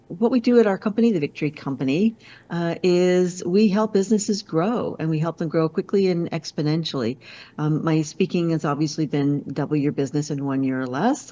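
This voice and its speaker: A woman with a low voice tells business stories in a lively, self-deprecating way, often joking at her own expense. She is a guest on a video call. The audio is dull and lo-fi. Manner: animated, self-deprecating storyteller with quick asides. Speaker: business consultant and speaker. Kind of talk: conversational storytelling interview.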